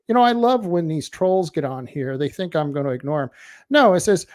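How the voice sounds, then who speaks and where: Man, slightly high voice, blunt, sarcastic, casual livestream host, dry close sound. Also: lively intonation, normal speed, darkish tone, dry recording. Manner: blunt, sarcastic, talks back to online commenters. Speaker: host of a local political web show.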